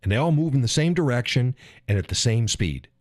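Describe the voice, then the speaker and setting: Talking a little fast in a mid-range voice, this man hosts his own live stream with a casual, profanity-laden political rant, animatedly playing the parts of frustrated drivers. Studio quality, no echo.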